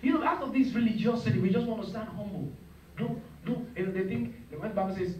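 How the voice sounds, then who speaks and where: A man's voice: high-pitched, fast talker, a little mellow, a little hiss or hum. A man preaching a sermon in a church, emphatic and calling on the congregation to repeat his words. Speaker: pastor. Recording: echoey hall, voice from far off, crowd.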